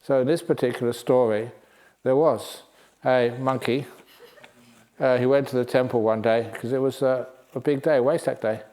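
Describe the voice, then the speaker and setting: A man's voice: medium pitch, steady tone, normal speed, mellow. A man, a Buddhist monk teacher, giving a humorous Dharma talk in a playful storytelling manner. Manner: playful, storytelling, chuckling often.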